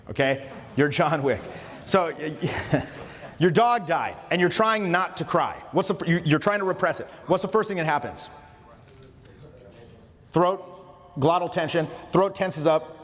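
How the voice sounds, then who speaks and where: A fairly high-voiced man teaches social skills in an easygoing lecture. He talks with informal emphasis and often restarts his sentences. His voice carries a long reverb tail from the room. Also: fairly bright tone. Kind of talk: casual instructional lecture.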